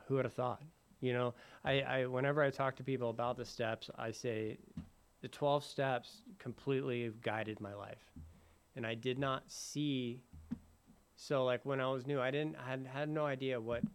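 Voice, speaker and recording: Guy telling his sober story, lots of ums, smooth clear voice. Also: medium pitch. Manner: halting, many fillers and restarts. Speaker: recovery speaker sharing his story. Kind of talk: personal recovery talk.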